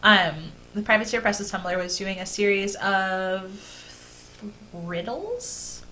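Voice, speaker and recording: A woman co-hosting a casual podcast, chatty and quick to laugh. A faint hum of background noise sits under her voice. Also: medium pitch, animated, pushed and bright, low-quality recording. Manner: laughs often, chatty and joking. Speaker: podcast co-host. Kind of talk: casual chat.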